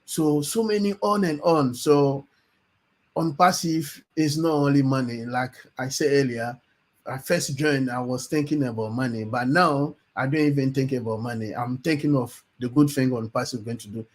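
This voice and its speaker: A man's voice: medium pitch, normal speed. A man giving an earnest testimonial on a live webinar, repeating phrases for emphasis.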